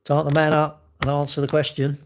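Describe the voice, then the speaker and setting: A man's voice: on the high side, monotone, a little fast, slight background noise. A man on a live stream, answering chat comments bluntly in a rambling way, full of restarts and rhetorical questions.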